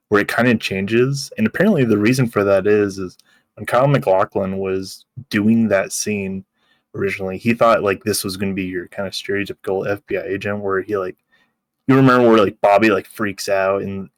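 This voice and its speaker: Man, podcast co-host, casual chat, low voice, dry recording, frequent laughter. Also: steady tone, normal speed, dry recording. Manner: laughs while talking, acts out quotes.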